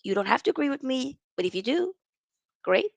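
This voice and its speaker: A woman's voice: sits high, sing-song, fairly quick, creaky, no room sound, rough recording. A woman hosting a casual livestream chat, reading out viewer comments and giving blunt, opinionated takes in casual slang.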